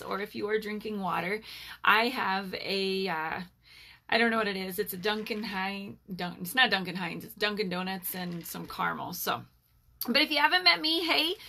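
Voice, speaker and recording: A woman's voice: fairly high pitch, pushed and bright, a little hiss or hum. A woman in her forties, hosting a casual live Q&A as a network marketer, chatty and rambling with lots of fillers. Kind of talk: casual live-stream chat.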